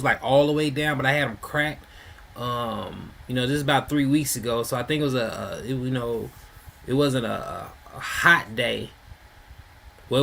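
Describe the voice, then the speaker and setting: A man's voice: medium pitch, a bit bright. A man telling a street story in a loose, rambling way, full of slang and fillers. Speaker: storyteller host. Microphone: home mic.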